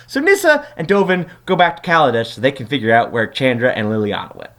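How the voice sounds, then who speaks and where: A man's voice: on the high side, sing-song, quick pace, few pauses, a bit bright. A man retelling a fantasy story as a joking, offhand recap, slipping into silly character voices.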